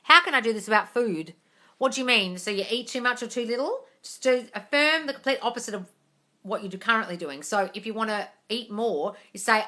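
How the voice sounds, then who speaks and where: A woman's voice: mid-range voice, brisk, sharp tone. A woman hosting a live manifesting Q&A on her phone, reading out viewer questions in a blunt, brassy way, swearing freely and calling people darling. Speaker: host of a manifesting Q&A live stream. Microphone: phone mic on a live stream.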